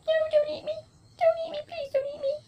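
Brief: a tiny, whiny bug pleading not to be eaten; very high and squeaky. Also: female voice, level tone, fast, muffled recording, very noisy. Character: tiny frightened hornworm caterpillar, pleading.

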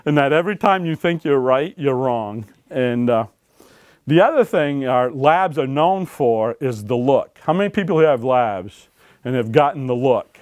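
A man's voice: mid-range voice, animated, moderate pace, a little mellow, dry recording. Folksy man telling dog-handling stories. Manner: folksy, keeps checking in with "right?". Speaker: author and search and rescue dog handler. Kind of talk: storytelling talk to an audience. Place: public library talk.

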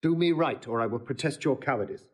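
A man's voice: medium pitch, fast talker, natural voice. A man playing a cold, earnest soldier-lord. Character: grave male soldier-lord issuing a challenge. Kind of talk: stage play recording.

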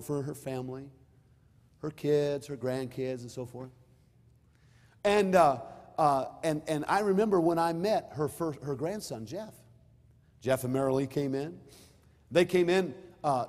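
Emphatic preaching pastor in echoing sanctuary. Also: male voice, on the high side, a little mellow. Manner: emphatic preaching that swells and drops, storytelling. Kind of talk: sermon with personal story. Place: church sanctuary. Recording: reverberant hall.

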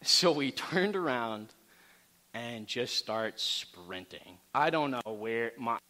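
A man telling a story in a casual, animated way to a campus gathering, with lots of fillers and asides. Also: medium pitch, takes it slowly. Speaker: campus ministry speaker. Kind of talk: storytelling sermon talk. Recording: reverberant hall.

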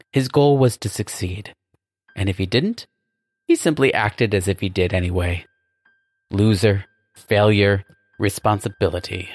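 A male audiobook narrator with a low, gravelly and husky voice. He tells the story in a measured, dry way over faint background music.

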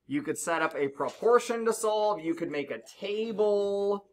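A man teaching middle school math to a classroom of students, brisk and joking as he encourages them to work together. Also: high-pitched, animated, darkish tone.

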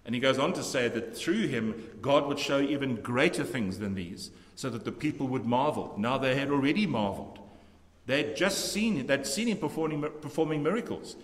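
A man preaching a measured, emphatic sermon as pastor in a church. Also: mid-range voice, lively intonation. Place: church sanctuary. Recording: long church reverb.

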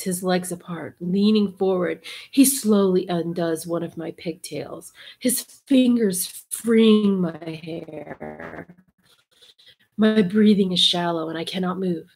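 A woman giving an intimate reading aloud, soft and half-whispered, breaking off for wry, cursing asides. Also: on the low side, breathy edge. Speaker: reader and commentator.

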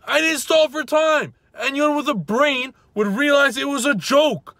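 Indignant high-voiced young man ranting. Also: a bit bright, no room sound. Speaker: YouTube gaming channel host. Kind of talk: ranting vlog to camera.

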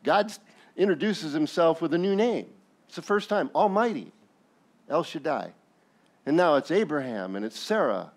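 Animated male pastor preaching. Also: fairly high pitch, normal speed. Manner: animated, jokey storytelling with acted asides. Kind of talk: sermon.

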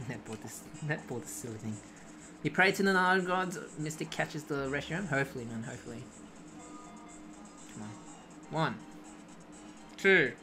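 A woman streaming a video game, chatting casually with her viewers, pleading with the game and bursting into excited shouts. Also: very deep voice. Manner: chatty, greets and answers chat, pleads with the game. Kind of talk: casual live-stream commentary while playing.

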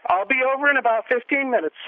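A man's voice: very high voice, fast. A man calling in, angry and threatening to come over. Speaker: caller, truck driver. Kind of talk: phone call. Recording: tinny phone line.

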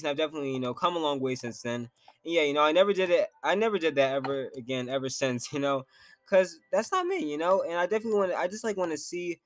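A young man hosting a gaming channel, talking through gameplay in a rambling, heartfelt way with many fillers. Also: a little high. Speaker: gaming YouTuber. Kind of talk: casual gameplay commentary.

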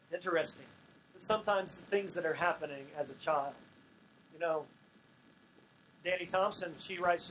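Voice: medium pitch, steady tone, measured pace, pauses often, fairly bright tone, slight background noise, rough recording. Folksy preacher telling stories. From Oklahoma. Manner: folksy, storytelling, retells scenes in dialogue. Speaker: pastor. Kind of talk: sermon.

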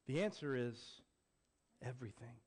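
A man preaching a sermon as a pastor, building to emphatic peaks and then dropping low and quiet. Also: lively intonation, moderate pace, husky. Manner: acts out quoted voices with jokey flair.

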